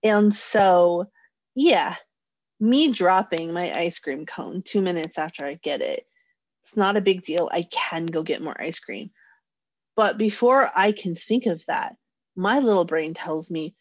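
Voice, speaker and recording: A woman's voice: on the low side, a little slow, no echo. A woman giving a casual parenting workshop, explaining how to validate children's feelings and acting out short parent and child lines in a lifted voice. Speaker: parenting educator. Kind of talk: informal parenting workshop talk. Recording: dull lo-fi dry sound.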